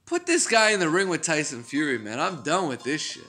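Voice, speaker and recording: A man's voice: fairly high pitch, big pitch swings, a little fast, bright, forceful tone, soft background music. A man giving casual boxing news commentary, ranting in a profane, exasperated way and laughing between points.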